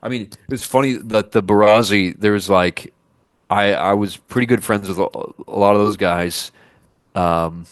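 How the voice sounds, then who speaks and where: Lively, lower-voiced man telling stories. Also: moderate pace, dry recording. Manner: animated storyteller who acts out quoted dialogue. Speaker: actor guest. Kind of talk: casual podcast interview.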